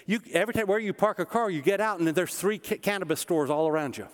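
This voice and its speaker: A man's voice: expressive, fast, few pauses. Preaching man in a reverberant church. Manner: shifts from loud emphatic preaching to low conversational asides. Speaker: pastor. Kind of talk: sermon.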